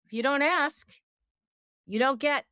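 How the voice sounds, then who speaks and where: A woman's voice: high-pitched, measured pace, bright, forceful tone, no echo. A woman co-hosting a podcast, chatting in an upbeat way with short, agreeing replies. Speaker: podcast co-host. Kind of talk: casual podcast chat.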